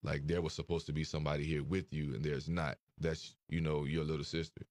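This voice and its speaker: As an interview guest in an emotional conversation, a young man with a very deep voice speaks softly and hesitantly, slow to find his words and full of fillers. His delivery stays flat and even, and the recording is dry and close.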